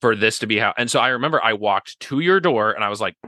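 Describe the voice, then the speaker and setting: A man's voice: lowish voice, animated, quick pace, bright, forceful tone. A man in a casual podcast chat, talking earnestly and at length, full of "like" and "right?". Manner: earnest, rambling, many "like" and "right?".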